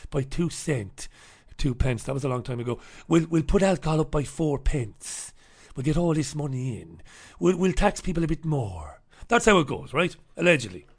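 A man's voice: a little high, creaky, husky. A man hosting a talk show, delivering a sarcastic, combative monologue and reviewing the papers, swearing freely. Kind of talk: ranting monologue and newspaper review.

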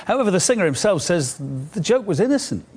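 A man giving a measured, formal broadcast news report. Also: high-pitched, big pitch swings, a little mellow, husky.

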